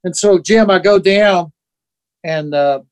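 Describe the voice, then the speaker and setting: A man in his sixties, a guest musician, telling sentimental stories in a relaxed chat and briefly acting out the voices of people he quotes. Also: high voice, takes it slowly, clear, resonant tone. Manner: animated anecdotes, acts out quoted voices; emotional, sentimental. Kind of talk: casual storytelling chat.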